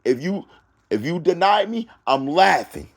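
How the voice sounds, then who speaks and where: Man, ranting scripture reading, higher-pitched voice, loud taunting preacher, drawn-out verse lines. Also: very animated. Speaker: self-styled preacher.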